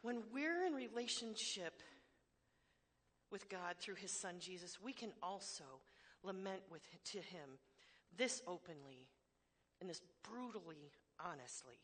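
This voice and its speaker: A woman's voice: medium pitch, animated, measured pace, fairly bright tone. Woman preacher, candid sermon delivery, emphatic repetitions, self-deprecating humor. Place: church hall before a congregation.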